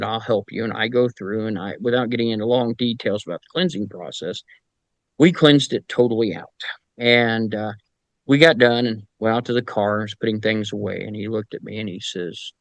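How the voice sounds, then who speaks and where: In a dry recording, a mid-range male voice belongs to a middle-aged paranormal investigator from Indiana telling casual stories. He acts out the voices of quoted people in animated anecdotes, with plenty of fillers and restarts along the way.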